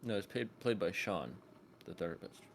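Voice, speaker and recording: A man's voice: deep voice, expressive, moderate pace, vocal fry. Rambling man streamer. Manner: rambling, filler-heavy, bursts into loud shouts. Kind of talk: casual chat.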